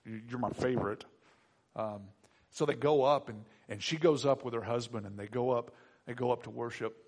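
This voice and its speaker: A man's voice: medium pitch, steady tone, a little fast, a little mellow. A man preaching a sermon as pastor, conversational and joking, with frequent fillers and restarts.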